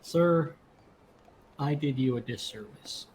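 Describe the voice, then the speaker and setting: A man's voice: medium pitch, takes it slowly, darkish tone, slight background noise, rough recording. A man playing a tabletop game, speaking in character in a hesitant, sheepish, stumbling way. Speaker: player. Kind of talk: in-character role-play.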